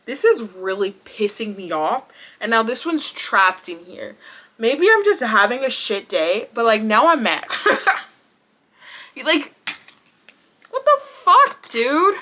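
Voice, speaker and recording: Woman wrestling vlogger, crisp bright tone, outspoken, laughs and cusses freely. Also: a little high, a little slow. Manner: animated and blunt, swears, laughs often. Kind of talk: casual vlog chat.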